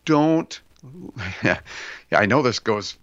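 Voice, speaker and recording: A man's voice: mid-range voice, expressive, drawn-out words, a bit bright, dry recording. A man co-hosting a podcast, discussing faith in a reflective, searching way and repeating words as he thinks aloud. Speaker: podcast co-host. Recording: dull lo-fi dry sound.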